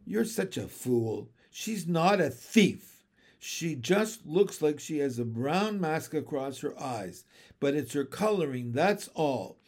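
A man's voice: on the high side, sing-song, slow, darkish tone, heavily acted. A man voicing an exasperated female frog, fussing and scolding her mate. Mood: angry. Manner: fussy, scolding complaints. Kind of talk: storybook read-aloud.

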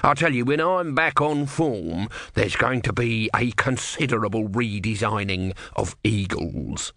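A man's voice: on the low side, a little slow, creaky, pushed and bright, no echo, exaggerated voice. A man voicing a sarcastic, impatient male god stuck in the shape of a tortoise, in an audiobook reading, with a dry close sound. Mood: grumpy, sarcastic.

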